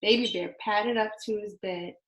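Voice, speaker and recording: A woman reading a children's story aloud in an expressive, sing-song storytelling manner. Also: mid-range voice, moderate pace, reverberant, highs cut off. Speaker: storybook reader.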